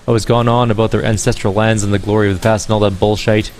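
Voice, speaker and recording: A man's voice: lowish voice, level tone, quick pace, darkish tone, close to an everyday voice. Male gamer doing a brawny, foul-mouthed Irish woman, put-on accent; slangy and blunt. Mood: scornful. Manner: brash, slangy, swearing. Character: tough Irish woman, brash ex-ranger.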